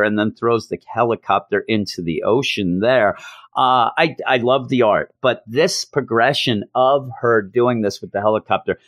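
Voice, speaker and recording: A man's voice: medium pitch, fairly bright tone, dry recording. Guy ranting thru a comic review, blunt, swears a bit, dry close sound. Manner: blunt, exasperated critique with casual swearing. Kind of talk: casual spoken review.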